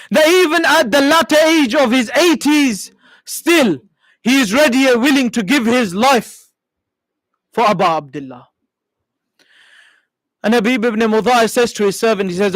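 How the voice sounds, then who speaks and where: A man's voice: very high voice, no echo, low-quality recording. A male preacher impassioned in telling a sacred story during a sermon.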